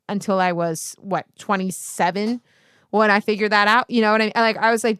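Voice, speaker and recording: A woman's voice: mid-range voice, flat delivery, brisk, fairly bright tone, clear, resonant tone, no echo, studio quality. A woman in her thirties, a singing teacher, talking casually to camera in a rambling, profane, easily sidetracked way with self-mocking asides. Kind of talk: casual vlog monologue.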